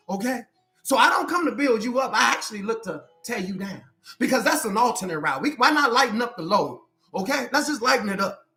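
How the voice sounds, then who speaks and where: A man giving an informal, animated sermon on a broadcast as a life coach. He calls out to his listeners and repeats phrases for emphasis. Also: high voice. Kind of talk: informal preaching. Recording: roomy echo.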